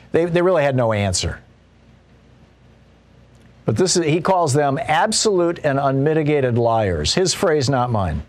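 A man's voice: a little high, very animated, unhurried, long pauses. A man hosting a political talk show, commenting casually with frequent restarts and mocking asides. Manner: conversational, restarts often, mocking quoted voices.

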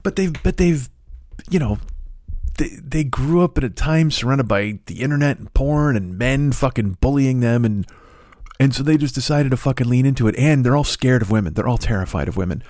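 A man's voice: mid-range voice, animated, a little fast, a little mellow, no room sound, clean studio sound. A middle-aged man hosting a comedy podcast, ranting in a profane, exasperated way. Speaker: comedian host.

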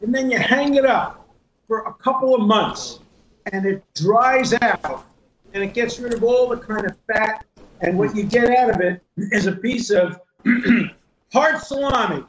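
An older man with a high voice tells stories and tastes food in a casual studio chat. He savors each bite and talks with emphasis. The room is echoey, with faint noise underneath. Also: a little slow. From United States.

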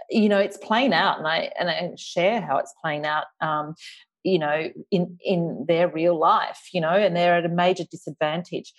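A woman with an Australian accent and a slight lisp, speaking thoughtfully as an author guest in an interview. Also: on the low side. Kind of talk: reflective podcast interview.

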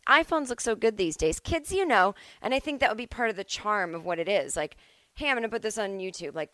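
A woman's voice: on the low side, a bit bright, dry recording. A woman in her forties from Massachusetts, hosting a solo comedy podcast from home, rambling and self-deprecating with lots of "like" and "I don't know". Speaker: podcast host.

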